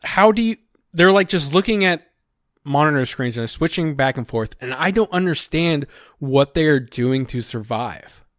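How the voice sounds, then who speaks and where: A man's voice: a little high, lively intonation, moderate pace, no echo, studio quality. A man co-hosting a casual game podcast, reacting with short comments and frequent laughter. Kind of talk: casual chat.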